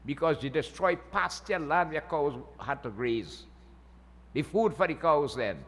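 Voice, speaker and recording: In a Hindu temple hall with long reverb, a male pundit preaches a folksy sermon and keeps turning to listeners with "eh?" His voice is somewhat high and animated, with a fairly bright tone and a measured pace.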